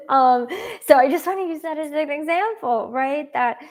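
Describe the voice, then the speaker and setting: Earnest woman dietitian, fairly high voice. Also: a little slow. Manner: frequent ums, earnest and encouraging. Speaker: dietitian and podcast host. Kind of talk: casual advice talk.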